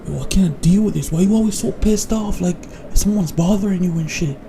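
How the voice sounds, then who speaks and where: A man's voice: sits high, a little fast, gravelly, mellow, a little hiss or hum. A man with a Jamaican accent voicing a laid-back, henpecked young boyfriend. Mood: defensive.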